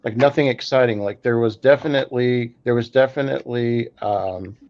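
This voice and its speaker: A man's voice: medium pitch, moderate pace, a little mellow, dry recording. A man on a podcast panel telling a story in loose, rambling casual chat. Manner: loose, rambling, filler-heavy. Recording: dull lo-fi audio.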